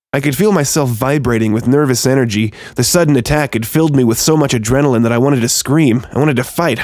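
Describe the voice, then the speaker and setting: A man narrating a first-person horror story in a tense, steady storytelling manner. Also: mid-range voice, no echo, clean studio sound.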